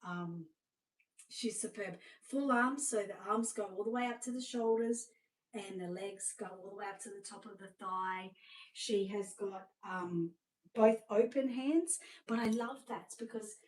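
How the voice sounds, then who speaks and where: A woman's voice: mid-range voice, a little slow, rough recording. An Australian woman hosts a live sales showcase, gushing over each item as she talks. Her speech is chatty and loose, full of little fillers and restarts. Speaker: seller presenting reborn dolls.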